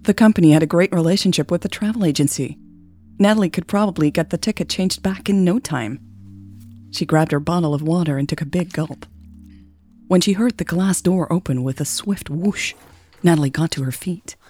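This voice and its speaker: A woman reading a serialized romance story aloud in a gentle, even storytelling manner. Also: on the low side, fairly quick, soft background music. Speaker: podcast narrator. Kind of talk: scripted narration of a romance story.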